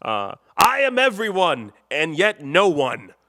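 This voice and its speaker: A man's voice: a little high, huge pitch swings, takes it slowly, pushed and bright, dry recording, clean studio sound. A man from Chicago hosting a late-night live stream, rambling and joking with the chat and laughing often. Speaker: live show host.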